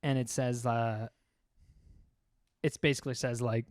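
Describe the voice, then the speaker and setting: A man's voice: mid-range voice, level tone, a little slow, pauses often, dry recording, studio quality. A young man co-hosting a casual podcast, telling crude jokes with lots of swearing and laughing at his own punchlines. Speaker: podcast co-host. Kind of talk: casual joke-telling chat.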